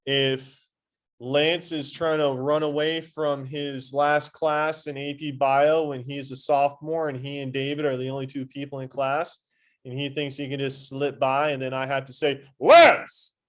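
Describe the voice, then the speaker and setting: A man's voice: medium pitch, little pitch movement, moderate pace. Man teaching an anatomy class. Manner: quizzes the class, playful asides. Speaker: high school anatomy teacher. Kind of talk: classroom lecture.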